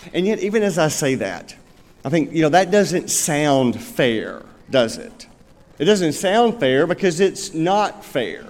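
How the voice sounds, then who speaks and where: A man preaching a sermon as pastor in a church, earnest and asking his listeners rhetorical questions. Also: a little high. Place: church sanctuary. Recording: long reverb of a large hall.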